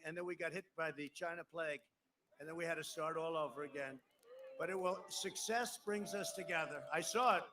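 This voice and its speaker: The voice sits high with a sharp tone: a politician in his seventies giving an emphatic, rambling rally speech at an outdoor airport event, speaking into a podium microphone and aside to the crowd. The outdoor live broadcast has faint crowd noise.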